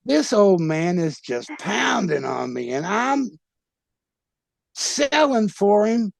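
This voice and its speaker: A man's voice: high voice, big pitch swings, takes it slowly, gravelly, no echo. A man, a former pro wrestler, telling rowdy, profane stories in a casual interview and laughing at his own pranks.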